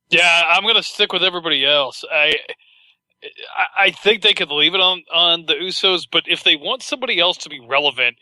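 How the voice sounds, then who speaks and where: Bright, smooth-voiced man rambling. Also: mid-range voice, dry recording, low-quality recording. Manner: rambling, halting with many fillers. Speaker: podcast panelist. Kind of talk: casual podcast chat.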